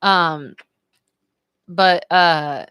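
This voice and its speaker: A chatty woman hosts a relaxed live stream and tells a story at an easy pace. Her speech is full of "like" and "you know," and she laughs often as she talks. The recording is close and dry, with no room sound. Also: on the low side, very slow, clear, resonant tone, no room sound. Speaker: livestream host.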